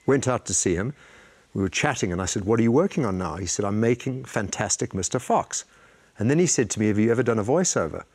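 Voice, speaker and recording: A man, a guest on a talk show, telling relaxed anecdotes in casual chat. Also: on the low side, quick pace.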